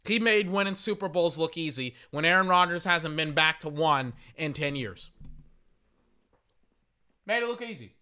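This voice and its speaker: A man hosting a podcast, passionately ranting about sports in an emphatic, repetitive way, his voice hoarse and worn from shouting. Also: fairly high pitch, normal speed, few pauses. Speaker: podcast host. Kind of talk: sports opinion rant.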